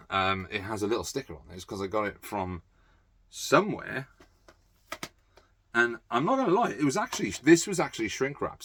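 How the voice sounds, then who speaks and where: Blunt, sweary man with a low voice. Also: a bit bright, slight background noise. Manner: blunt, sweary, off-the-cuff with many fillers. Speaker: movie collector vlogger. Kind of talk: casual rambling chat.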